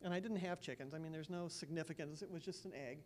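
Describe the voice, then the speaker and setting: A woman pastor sharing earnest personal stories in a church sermon, with soft laughs between thoughts. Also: deep voice, fast, a little hiss or hum.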